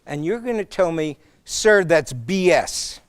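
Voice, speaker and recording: Guy reading out a blunt army captain, firm and no-nonsense, slightly high voice. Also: lively intonation, a little slow, smooth, no room sound. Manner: firm, drilling a junior officer.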